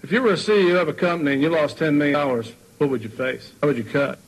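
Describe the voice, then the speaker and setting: A man who is a school superintendent testifying to a state board, measured and asking rhetorical questions. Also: on the high side, expressive, poor audio.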